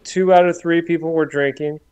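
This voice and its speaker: A man's voice: on the high side, fairly even intonation, a little fast, a little mellow, smooth. A man co-hosting a podcast, chatting wryly and rambling as he corrects himself. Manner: wry, rambling, self-correcting. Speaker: podcast co-host. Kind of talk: casual chat.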